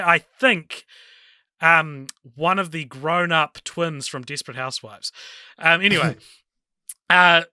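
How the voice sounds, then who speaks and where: A man co-hosting a film podcast who recaps scenes in a casual, amused way, laughing often and pausing on fillers. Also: fairly high pitch, pushed and bright, smooth, no room sound, clean studio sound. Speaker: podcast co-host. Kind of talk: casual film review chat.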